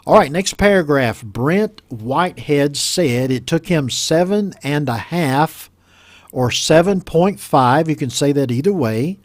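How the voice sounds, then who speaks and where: A man with an American accent teaching English pronunciation, reading a news story aloud and explaining words slowly and patiently. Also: fairly high pitch, lively intonation, no room sound. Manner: slow, patient, repeats words for learners.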